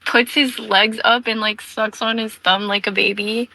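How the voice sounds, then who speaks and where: A woman's voice: fairly high pitch, fairly even intonation, measured pace, sharp tone, rough recording. A woman answering interview questions casually, hesitant, with many fillers. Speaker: interview guest.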